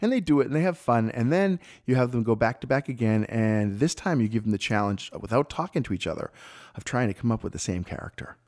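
A man who teaches improv, telling stories about his classes in a casual conversation, his voice swinging up with excitement and trailing off quietly. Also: medium pitch, fast.

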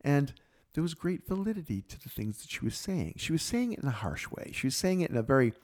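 A middle-aged man co-hosting a podcast, telling a personal story in a casual, reflective way and lively when quoting others. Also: on the high side, quick pace. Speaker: podcast co-host.

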